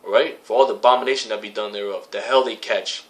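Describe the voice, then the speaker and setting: A man's voice: on the low side, fairly even intonation, fast. A man preaching casually, quoting scripture and recasting it in profane street slang, repeating phrases for emphasis. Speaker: religious camp member preaching.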